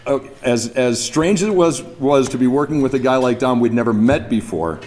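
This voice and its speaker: A man's voice: medium pitch, animated, moderate pace, darkish tone. A man from New Brunswick, Canada, giving an anecdotal memorial speech at a podium, chuckling as he tells stories. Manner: storytelling, chuckling, imitates others. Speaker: speaker at a memorial event. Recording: mic speech with background noise.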